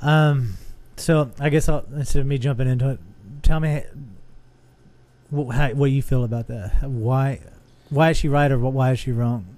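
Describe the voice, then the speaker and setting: A man's voice: mid-range voice, steady tone, moderate pace, a little mellow. An earnest man co-hosting a casual discussion podcast, steering the talk with questions. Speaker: podcast co-host.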